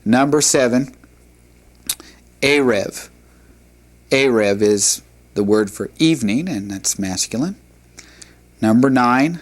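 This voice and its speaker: In a recorded language lesson, a man with an animated, mid-range voice teaches patiently and methodically, frequently stopping with "uh" and "all right."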